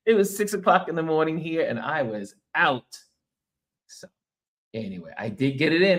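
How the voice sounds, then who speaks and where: An American man, tired from travel and little sleep, hosting a casual livestream, chatting loosely and reading viewer comments aloud with frequent laughs. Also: mid-range voice. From United States. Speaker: livestream host.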